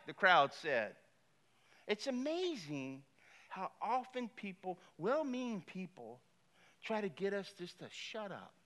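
A man's voice: high-pitched, slow. A middle-aged male pastor preaching a sermon, telling stories animatedly and acting out the people in them. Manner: animated storytelling, acting out voices.

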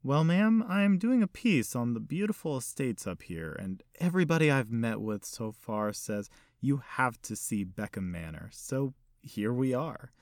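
A man's voice: medium pitch, lively intonation, measured pace, hardly any pauses, no room sound, clean studio sound. A man voicing a young reporter who talks in a polite, earnest way.

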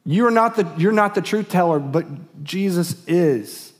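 A man's voice: high voice, lively intonation, unhurried. A middle-aged man preaching a sermon as pastor, earnest and repetitive, often restarting his words. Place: church sanctuary.

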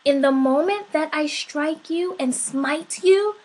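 A kind, wise spirit companion from a storybook, voiced by a woman reading aloud, speaking slowly and tenderly. Its high voice stays reassuring and soft-edged. Each phrase is given room and care. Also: rough recording.

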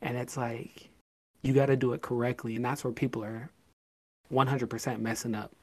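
A man's voice: mid-range voice, flat delivery, normal speed, no echo. A man co-hosting a casual podcast chat, talking at length with worked examples and emphatic, acted-out bits of scolding. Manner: explains at length with hypothetical examples; emphatic, acts out scolding a child. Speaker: podcast co-host.

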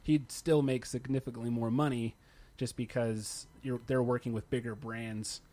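A man's voice: mid-range voice, little pitch movement, moderate pace, dark tone. A man who runs a tech channel, talking in casual podcast chat and explaining things at length with plenty of fillers. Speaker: YouTube tech channel creator.

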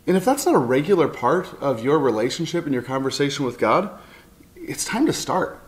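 Middle-aged male pastor, earnest and heartfelt sermon delivery, slightly raised pitch. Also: lively intonation, moderate pace, fairly bright tone. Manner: earnest, heartfelt, with many restarts. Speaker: pastor and counselor.

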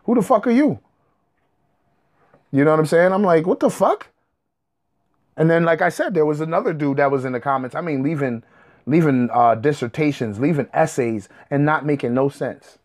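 A man's voice: fairly high pitch, fairly quick, a little mellow. A young man talking straight to his audience in a heated, profane, combative rant. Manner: profane, combative, rising to angry outbursts. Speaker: commentator.

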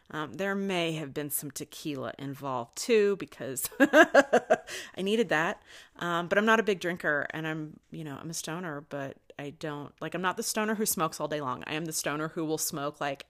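A woman with a low-pitched voice hosts a confessional spiritual podcast on her own. She is middle-aged, candid and unfiltered, and swears freely. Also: a bit bright. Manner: candid, swears often, talks openly about her feelings. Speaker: podcast host.

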